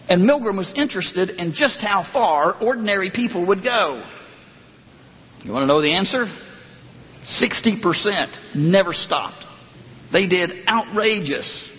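A man with a high voice lectures like a storyteller, acting out the voices of the people he quotes and slowing down to stress key points. The recording sounds dull, with a long echo from a large hall. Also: animated. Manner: dramatic storytelling, acts out quoted voices, slows for emphasis. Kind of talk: lecture retelling a psychology experiment.

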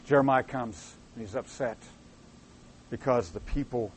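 A man preaching a sermon, acting out the voices of prophets and questioners, rising to loud emphatic lines and then dropping low and soft. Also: unhurried, slight background noise.

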